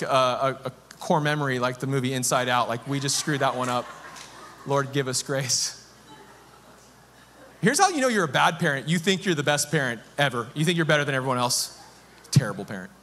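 A man in his thirties, a pastor giving a conversational, self-deprecating and animated sermon. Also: medium pitch, fairly quick.

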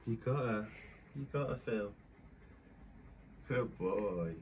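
A man softly praising his dogs with doting words in a casual home video. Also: lowish voice, slow. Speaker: father filming his pets. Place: bedroom at home.

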